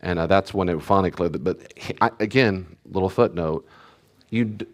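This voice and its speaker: A male pastor giving a conversational teaching talk with animated storytelling, often laughing and acting out what people said. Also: low-pitched, moderate pace.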